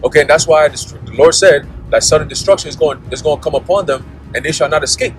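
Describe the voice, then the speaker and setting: A man's voice: fairly high pitch, quick pace, soft background music, rough recording. A man giving a blunt, profane preaching monologue, constantly checking in with "okay?" and "all right?". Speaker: religious commentator.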